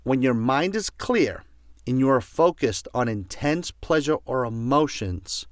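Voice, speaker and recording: This motivational audio course is led by a man whose medium-pitched, expressive voice moves at a measured pace. Passionate and forceful, the self-help speaker hammers key words through repetition and raises his volume. Recording is clean and studio-made, without room sound.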